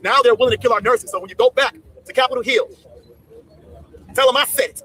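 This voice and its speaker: A man's voice: extremely high pitch, fast talker, bright, forceful tone. A man speaking outdoors at a street protest, leading the crowd in call and response with rousing, profane talk. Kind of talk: rally speech with call and response.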